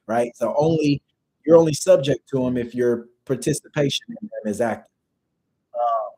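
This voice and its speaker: A man's voice: medium pitch, warm tone, husky, poor audio. Slangy man lecturing casually. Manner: conversational, slangy, repeats phrases for emphasis. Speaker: livestream teacher. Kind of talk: casual lecture reading from dictionaries.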